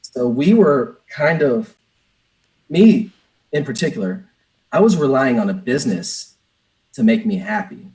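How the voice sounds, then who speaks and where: A man's voice: mid-range voice, sing-song, a little slow, long pauses, darkish tone, poor audio. A business coach, a man, speaking openly in an interview and telling a personal story with many restarts. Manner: earnest, open, lots of restarts and "man". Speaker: business coach, podcast guest.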